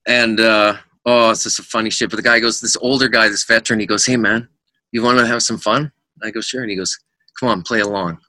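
A middle-aged man, a musician guest, telling lively anecdotes in casual chat and acting out the voices of people in them. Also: fairly low pitch, a little fast, dry recording. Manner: animated anecdotes with quoted voices.

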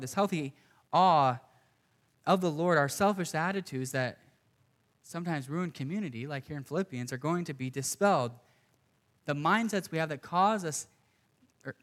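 Young male pastor, slightly high voice, earnest and chatty from the pulpit. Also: a bit bright. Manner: earnest, conversational preaching with asides. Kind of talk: sermon.

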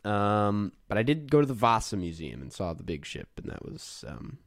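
A man's voice: on the low side, sing-song, normal speed, no room sound, studio quality. A man co-hosting a podcast, chatting casually and reading listener questions in an upbeat, easygoing way. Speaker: podcast co-host. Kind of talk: casual chat.

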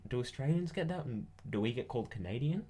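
A man's voice: medium pitch, lively intonation, quick pace, dark tone. A young man with a New Zealand accent, hosting a podcast in casual, rambling, jokey chat. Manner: rambling, jokey, self-deprecating.

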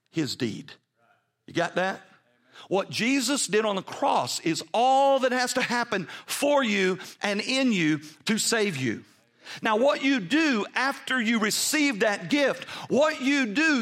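A preaching pastor, a man with a high-pitched voice who drives his sermon with emphatic swings, dropping quiet and low before climbing loud again. He sounds middle-aged and speaks straight to his congregation.

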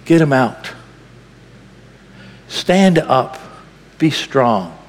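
A man preaching a sermon as pastor, impassioned, swinging between loud bursts and hushed lines. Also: mid-range voice, big pitch swings, drawn-out words, long reverb tail.

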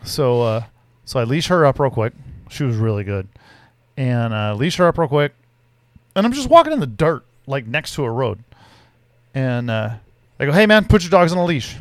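A man's voice: medium pitch, no echo. A man co-hosting a podcast, telling a rambling, profane story in casual chat. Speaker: podcast co-host.

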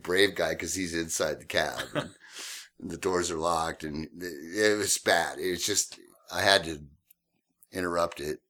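Bright-voiced man telling a story. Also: sits low. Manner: animated, laughs often, acts out quoted voices. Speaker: podcast guest telling cab stories. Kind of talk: casual storytelling chat.

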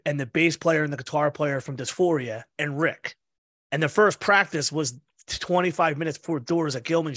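A man with a fairly high voice tells a rowdy road story in casual podcast talk. He swears often and jumps into the voices of the people he quotes. The sound is close and dry. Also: dry recording. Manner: animated storyteller, swears a lot, acts out quotes. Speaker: podcast host. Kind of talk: casual conversation.

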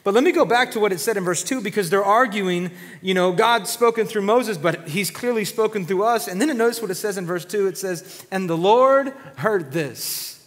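A male pastor delivering an animated, conversational sermon with plenty of emphasis. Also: sits high, a little fast, hardly any pauses, in a large hall.

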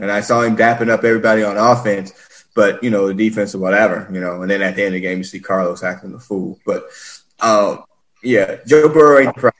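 A man hosting a casual sports chat, rambling and animated, often acting out what players say. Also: fairly low pitch, low-quality recording.

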